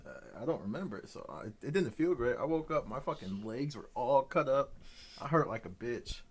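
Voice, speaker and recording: A man's voice: mid-range voice, big pitch swings, moderate pace. A young man chiming in with jokes and chuckles during a casual chat among friends. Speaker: guest.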